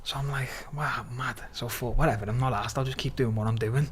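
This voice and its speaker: A young man with a Liverpool accent, a podcast guest telling stories in a loose, animated, slangy way, swearing and calling people "lad" as he goes. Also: mid-range voice, fairly quick, a little hiss or hum. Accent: Liverpool (Scouse). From Liverpool, England. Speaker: podcast guest, MMA fighter. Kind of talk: casual storytelling.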